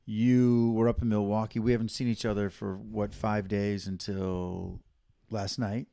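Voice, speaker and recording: Gravelly low-voiced man, joking co-host. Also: little pitch movement, unhurried, warm tone, no room sound, studio quality. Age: middle-aged. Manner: joking, teasing, playful. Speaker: podcast co-host. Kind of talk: casual couple's chat.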